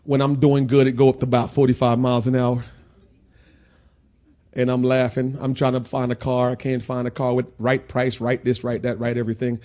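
A man preaching a sermon in a church, swinging between shouted preaching and quiet talk. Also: medium pitch, monotone, brisk. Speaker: pastor. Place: church sanctuary.

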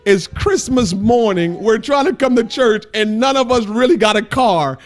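A man preaching a sermon in church as pastor, swinging between loud preaching and quiet storytelling. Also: very high-pitched, lively intonation, moderate pace, hardly any pauses.

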